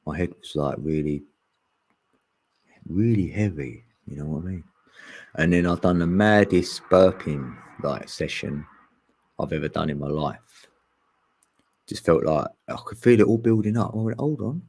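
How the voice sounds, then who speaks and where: A man hosting a casual spiritual chat, slangy and relaxed, laughing often and acting out what others said. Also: low-pitched, measured pace, long pauses, breathy edge. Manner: laid-back, laughs often, slangy, acts out quoted voices. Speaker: podcast host.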